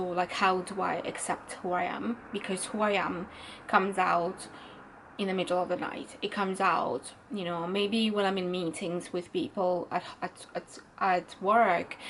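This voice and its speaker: A woman's voice: on the low side, a little hiss or hum, low-quality recording. Rambling woman with an Italian accent. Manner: rambling, searching for words, frequent restarts. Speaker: vlogger. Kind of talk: candid storytime monologue.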